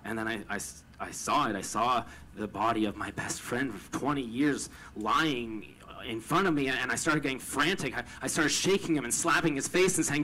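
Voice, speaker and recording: A man's voice: mid-range voice, moderate pace, hardly any pauses, pushed and bright, poor audio. A man telling a personal story with a lot of stammering repetition, retelling it with emotion.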